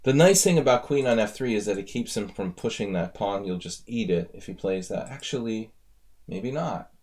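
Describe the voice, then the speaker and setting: A man's voice: fairly low pitch, animated, moderate pace, darkish tone. A man coaching chess on a live stream, casually analyzing viewer games and thinking aloud as he talks to his audience. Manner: thinks aloud, chatty, addresses viewers directly.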